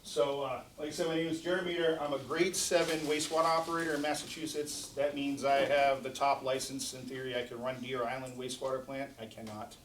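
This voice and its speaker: A man in his forties talks to a club in a casual, quick, self-deprecating way. His voice carries from a distance across a reverberant meeting hall, with a faint hum behind it. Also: medium pitch, steady tone. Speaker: guest speaker. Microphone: distant mic after his mic failed.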